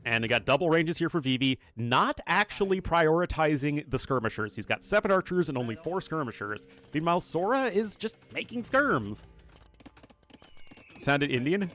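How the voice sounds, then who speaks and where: Here a man's slightly high, somewhat bright voice is very animated at a moderate pace as he gives casual live esports commentary on a strategy match. He's a chatty streamer who wanders into rambling asides and speaks straight to his chat, with faint music in the background.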